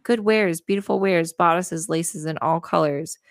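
A wheedling old peddler woman, as a woman puts her on calls out her goods in a coaxing patter. The pitch is a little lifted and the tone gravelly, with a close, dry sound. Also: a little slow, dry recording.

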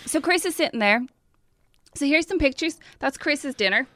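High-voiced Irish woman telling a story. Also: moderate pace, no room sound, clean studio sound. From Ireland. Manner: breathless, animated storytelling with quoted voices. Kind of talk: casual chat, telling an anecdote.

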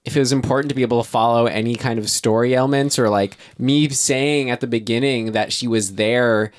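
A man's voice: medium pitch, fairly even intonation, a little fast. A man in casual chat, easygoing and laughing often as he discusses a film. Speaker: podcast co-host.

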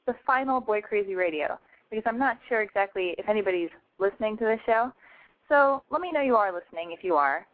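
Woman hosting a call-in show, loud giddy cursing chatter, highish voice, tinny phone sound. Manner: brash, giddy, profane, animated. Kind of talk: casual talk radio monologue.

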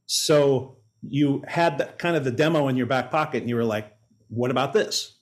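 A man in an interview, calmly recalling how he came to write a song for a film. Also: mid-range voice, moderate pace. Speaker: songwriter guest. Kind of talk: casual interview recollection.

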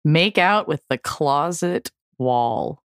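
A woman's voice: low-pitched, lively intonation, takes it slowly, clean tone, no room sound. A woman co-hosting a podcast, reading a list of dares aloud with dry jokes in casual chat. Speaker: podcast co-host.

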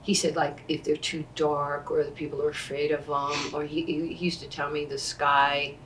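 A woman in her sixties tells her stories with a low voice, slipping into the voices of the people she quotes. The mic sits some way off, so she sounds a little distant. A faint hum of ambience lies underneath. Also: moderate pace. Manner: animated, acts out quoted speech. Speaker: interview guest. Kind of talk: conversational storytelling.

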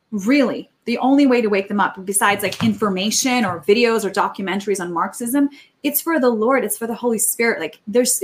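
High-voiced animated woman storyteller. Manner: animated, rapid storyteller with many restarts. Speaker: podcast guest. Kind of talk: casual chat, storytelling.

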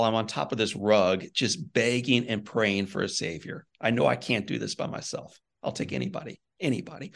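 Gravelly guy telling his story, earnest and animated, mid pitch. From Missouri. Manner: earnest, animated storyteller who keeps saying "man". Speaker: guest, author and speaker. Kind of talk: conversational storytelling.

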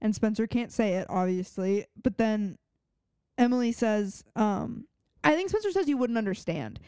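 A woman's voice: fairly high pitch, expressive, moderate pace, mellow, clear, resonant tone, no room sound, studio quality. A woman co-hosting a podcast, recapping a TV episode in blunt, casual chat with some swearing. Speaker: podcast co-host.

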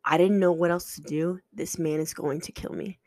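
A woman hosting a podcast, telling a personal story in a raw, halting and earnest way, with restarts and some swearing. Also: low voice, steady tone, darkish tone, no echo, studio quality.

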